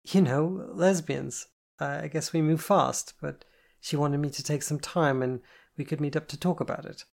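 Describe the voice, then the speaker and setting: A narrator voicing a flustered young woman giving a hurried, unconvincing explanation. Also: mid-range voice, fairly even intonation, vocal fry, darkish tone, lightly acted. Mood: evasive.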